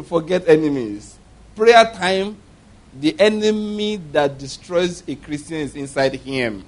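A man's voice: high-pitched, lively intonation, normal speed. A middle-aged man preaching a sermon with passion, asking the congregation rhetorical questions and breaking into laughter. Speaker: pastor.

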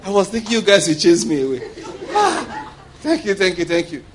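A man's voice: sits high, big pitch swings, moderate pace, crowd noise, noisy background, pitched above the performer's own voice. A man voicing a sly demon that thanks people gleefully and laughs. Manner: mocking, laughing.

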